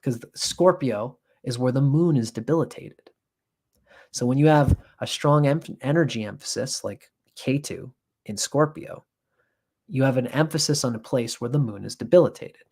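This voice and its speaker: A man's voice: medium pitch, moderate pace, darkish tone, slightly rough. A man giving an astrology reading on a live stream, blunt and profane, switching into acted voices to make his points.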